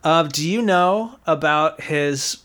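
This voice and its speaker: A man's voice: on the high side, takes it slowly, fairly bright tone, clean tone. A man co-hosting a podcast, casual and sarcastic, blunt and freely profane. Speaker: podcast co-host. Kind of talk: casual chat.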